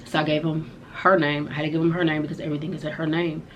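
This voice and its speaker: A woman vlogger telling a story in casual slang, animated and profane. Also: low voice, rapid-fire, lo-fi sound, a little hiss or hum. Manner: animated, profane retelling of a fight. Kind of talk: storytime vlog.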